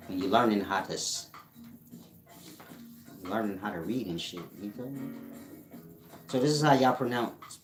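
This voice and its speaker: A man giving a casual spiritual teaching monologue, drawling slowly and using street slang. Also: deep voice. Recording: roomy echo.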